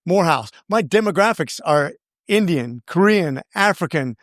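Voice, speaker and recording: A man's voice: a little high, lively intonation, moderate pace, fairly bright tone, no room sound, studio quality. A man being interviewed as a congressman, telling his story in an earnest, rambling way with many restarts. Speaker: congressman guest.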